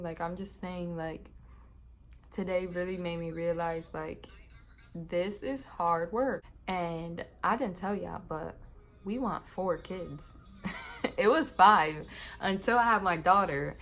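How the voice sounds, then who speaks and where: A woman's voice: lowish voice, rough recording. A young woman chatting casually to camera as a mom vlogger, rambling, laughing often and using slang.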